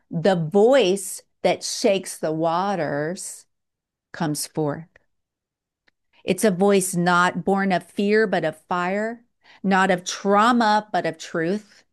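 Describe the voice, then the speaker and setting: Lady preacher, lowish voice, really slow and earnest, lots of pauses. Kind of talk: sermon.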